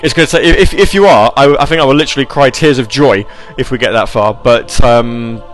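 A man hosting a casual live radio show, rambling and animated as he reads chat messages and tells stories. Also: mid-range voice, a little fast, soft background music.

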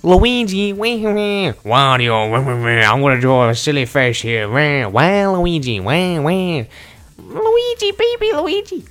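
Man doing a giddy cartoon voice actor, squeaky sing-song character noises, jumps way up high. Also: wildly swooping pitch, measured pace, a bit bright, exaggerated voice.

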